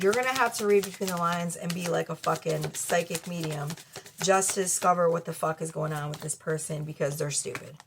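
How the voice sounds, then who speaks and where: A woman with a medium-pitched, slightly bright voice gives a casual tarot reading to camera from a cluttered bedroom at home. She's an adult with children, blunt and profane, and she laughs often. The audio comes from the camera mic.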